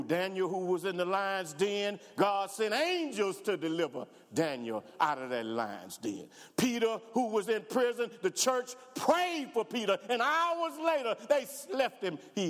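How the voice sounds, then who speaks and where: A man preaching from the pulpit in a high, ringing voice that swells with fervor. He acts out the pleas and doubts of his congregation as he goes. The sound carries a long hall reverb. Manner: preaching with rising fervor, voicing imagined congregants and prayers. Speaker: pastor. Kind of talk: sermon.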